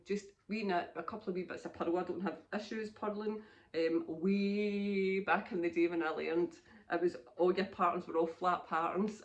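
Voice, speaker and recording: Scottish lady in her 50s, rambly knitting chat, laughs a lot. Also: lowish voice. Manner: chatty, rambling, laughs often. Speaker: knitting podcast host. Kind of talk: casual chat.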